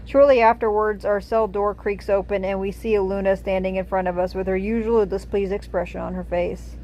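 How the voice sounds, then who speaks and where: A woman's voice: medium pitch, level tone, a little fast, warm tone, poor audio. Woman narrating a text adventure aloud.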